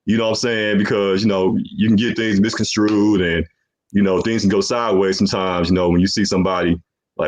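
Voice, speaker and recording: A man's voice: low voice, fairly even intonation, brisk. A young man hosting a podcast, talking in a loose, rambling way and filling his sentences with "you know what I'm saying". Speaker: podcast host. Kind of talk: casual chat.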